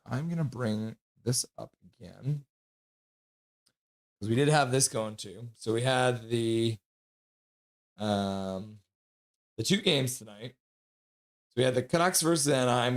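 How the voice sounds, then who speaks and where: A young man hosting a live stream, casually chatting and reading viewer comments aloud with quick asides. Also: medium pitch. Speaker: livestream host reading chat. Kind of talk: casual live reaction chat.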